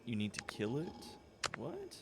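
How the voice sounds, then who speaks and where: Gamer guy, lowish gravelly voice, wry back-talk to the game; loud hiss under the track. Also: lively intonation, normal speed. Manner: jokey, talks back to the game, reads out codes. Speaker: let's play gamer. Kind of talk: casual gameplay commentary. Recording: loud background noise with clicks.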